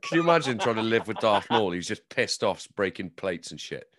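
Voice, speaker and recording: A man's voice: fairly low pitch, big pitch swings, a little fast, a bit bright, slight background noise. A man co-hosting a podcast, chatting casually in a jokey, sweary way. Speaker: podcast co-host.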